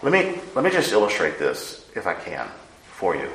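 A man preaching a sermon, earnest, rising to loud emphasis and dropping to hushed lines. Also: low voice, wildly swooping pitch, normal speed, vocal fry, echoey room, a little hiss or hum, poor audio. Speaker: pastor.

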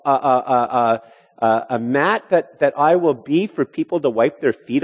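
A male preacher giving a sermon, animated and full of restarts as he voices a skeptic's objections. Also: medium pitch, a little slow. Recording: hall reverb.

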